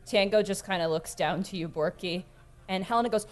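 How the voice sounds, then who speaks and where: A woman's voice: medium pitch, a little fast. A woman running a tabletop game as game master, narrating in a loose, casual way with plenty of fillers. She often breaks into giggles between descriptions.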